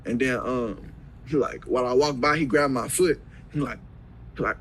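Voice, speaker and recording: A man's voice: mid-range voice, moderate pace, slight background noise, low-quality recording. A young man retelling a story in profane slang and acting out the lines people said. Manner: profane slang-heavy retelling, acts out quoted dialogue. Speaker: interview guest. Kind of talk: casual storytelling.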